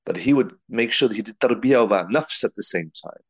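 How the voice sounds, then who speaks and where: British guy giving a spiritual talk, husky gravelly low voice, dry dull lo-fi sound. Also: lively intonation, fairly quick, no room sound. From England. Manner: storytelling with Arabic and Urdu religious terms. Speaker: religious teacher.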